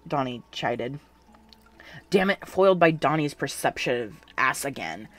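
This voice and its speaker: A narrator reading a second-person fan fiction story aloud in an even, unhurried way. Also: mid-range voice.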